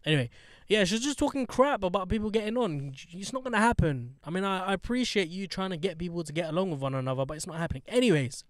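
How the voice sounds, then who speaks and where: A man's voice: sits high, animated, fast talker, hardly any pauses, dry recording, studio quality. A man hosting a podcast, chatting in a blunt, joking, sweary way with lots of slang. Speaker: podcast host. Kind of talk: casual chat.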